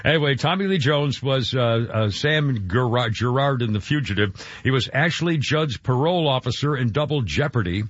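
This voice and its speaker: A radio show host with a husky, rather high voice that swoops up and down as he rambles through his segment. He gets excitable and laughs easily. The sound is dry and a little dull, like a radio broadcast. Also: moderate pace, hardly any pauses, no echo. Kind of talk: casual morning radio talk. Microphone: studio microphone.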